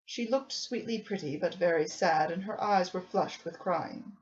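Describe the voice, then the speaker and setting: A woman narrating an audiobook of a classic novel in a calm, measured reading. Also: fairly low pitch, slight background noise. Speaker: audiobook reader. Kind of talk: scripted narration. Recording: dull lo-fi recording.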